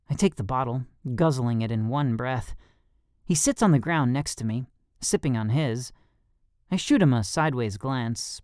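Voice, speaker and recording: Man narrating with lively, swinging pitch. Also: moderate pace, smooth, dry recording, clean studio sound. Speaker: audiobook narrator. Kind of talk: first-person audiobook narration.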